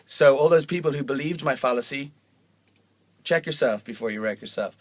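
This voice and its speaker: Young guy rambling through a fake radio show, deadpan, lots of uhs, dry close sound. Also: medium pitch, moderate pace, no room sound. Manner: offhand, deadpan, full of fillers and self-corrections. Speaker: host of a homemade mock radio show. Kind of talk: rambling comic radio patter.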